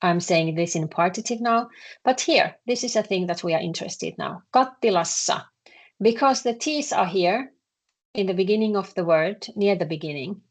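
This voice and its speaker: A woman with a Finnish accent teaching a language lesson, speaking haltingly with many filler sounds and repeating words as she explains. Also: mid-range voice, animated.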